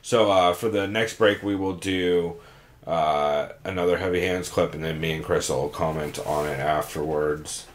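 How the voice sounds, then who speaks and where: A man's voice: low-pitched, fairly even intonation, normal speed. A young man co-hosting a casual podcast, talking loosely, swearing often and restarting his sentences. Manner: loose and profane, with many fillers and restarts. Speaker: podcast co-host.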